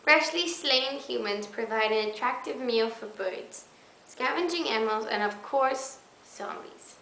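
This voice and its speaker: A woman's voice: fairly high pitch, a little slow, creaky, a bit bright. A woman putting on a childish baby voice to read survival instructions aloud. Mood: babyish. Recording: roomy echo, faint background noise.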